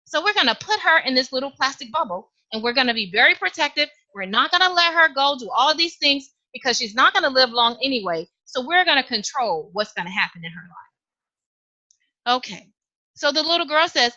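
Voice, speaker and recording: A woman giving a storytelling speech at a club meeting, animated and acting out each character. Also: high voice, brisk. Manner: animated, acts out voices. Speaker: club speaker. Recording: dull lo-fi live meeting recording.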